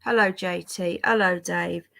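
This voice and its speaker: A woman's voice: fairly low pitch, fairly even intonation, a little slow, gravelly, a bit bright. An English woman chatting casually on a live stream, greeting viewers by name while fiddling with her stream settings. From England.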